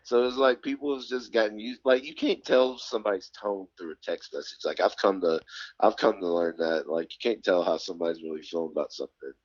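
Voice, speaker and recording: Deep-voiced laid-back man, dull audio. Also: fairly quick. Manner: laid-back, peppers talk with "like". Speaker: podcast guest. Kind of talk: casual podcast chat.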